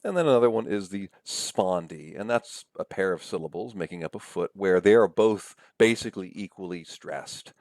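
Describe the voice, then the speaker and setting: A man giving a recorded lecture as a professor, speaking patiently, often checking in with "right?" and slowing down to sound out words. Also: low-pitched, expressive, darkish tone, no room sound. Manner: slows down to sound out syllables.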